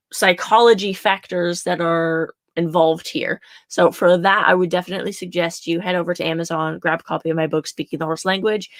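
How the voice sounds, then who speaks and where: A chatty young woman coaching riders, her voice sitting on the low side. She talks casually and circles back to repeat her key points for emphasis. The sound is close and dry, with no room around it. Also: no echo. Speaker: horse riding coach. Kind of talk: casual teaching talk.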